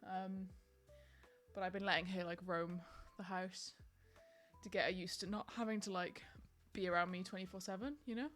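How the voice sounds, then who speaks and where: A woman's voice: lowish voice, steady tone, normal speed, a bit bright, faint music behind. A young woman chatting casually on a live stream, rambling with lots of ums and likes.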